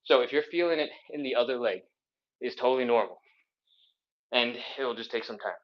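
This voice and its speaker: A man's voice: mid-range voice, fairly quick, dull audio. A man leading a live stretching workout, counting reps aloud while he exercises, a bit out of breath. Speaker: fitness instructor. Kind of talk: live mobility workout instruction.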